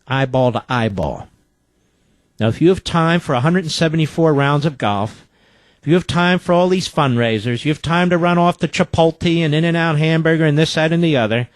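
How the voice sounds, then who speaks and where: A man's voice: a little high, no echo. A man hosting a talk radio show, delivering a combative, sarcastic monologue.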